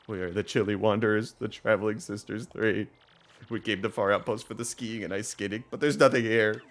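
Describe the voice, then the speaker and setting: A man voicing a trio of complaining sisters stranded in a snowy game town, raising his voice higher. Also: fairly even intonation, fairly quick, close to an everyday voice. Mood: whiny. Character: three chilly travelling sisters, whiny.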